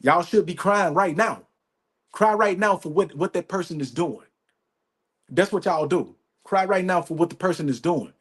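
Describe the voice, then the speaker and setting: Profane, emphatic man with a higher voice. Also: normal speed, slightly rough. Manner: emphatic, profane, repetitive, says "you know what I'm saying". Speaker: podcast host. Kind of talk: profane commentary rant.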